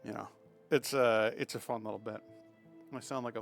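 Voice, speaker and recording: A man from Massachusetts giving rambling, chatty live commentary while playing a game, breaking into loud laughter. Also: lowish voice, steady tone, moderate pace, gravelly, faint music behind. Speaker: streamer. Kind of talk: live let's play commentary.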